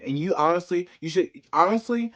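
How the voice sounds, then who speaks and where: A man's voice: high voice, lively intonation, brisk, fairly bright tone, dull audio. A man ranting angrily and cursing constantly in a casual vlog monologue. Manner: profane, heated, ranting. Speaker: commentator. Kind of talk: angry rant vlog.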